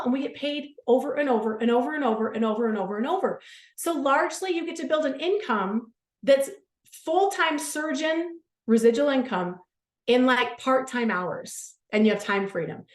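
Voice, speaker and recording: A woman in her thirties giving an earnest, gushing testimonial pitch, peppered with "like" and close to tears at times. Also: reverberant. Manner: gushing, earnest, says "like" often, chokes up at times. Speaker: guest speaker.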